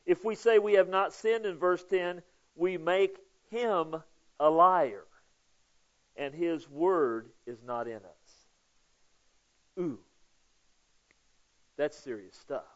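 A man's voice: fairly high pitch, slow pace, long pauses. Lo-fi recording of a conversational preacher man. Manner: conversational preaching, with frequent "okay?" checks to the congregation; swings between loud emphasis and hushed prayer. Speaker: pastor. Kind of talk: sermon.

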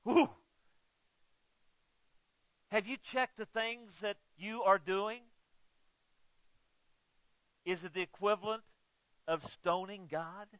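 A male pastor preaching a sermon, swinging between loud emphatic exclamations and hushed asides, and joking with the congregation. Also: high voice, slow pace, long pauses, no echo, dull audio. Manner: jokes with the congregation.

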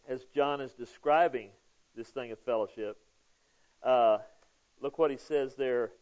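A man preaching a sermon in a conversational way, often checking in with the congregation and swinging between loud emphasis and hushed, prayerful asides. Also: mid-range voice, lo-fi sound. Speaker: pastor.

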